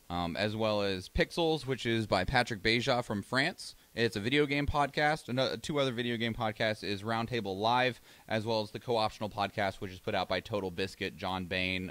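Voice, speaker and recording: A man co-hosting a podcast in casual chat, briskly moving things along. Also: on the low side, fairly bright tone, no echo. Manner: brisk, moves the show along. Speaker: podcast co-host.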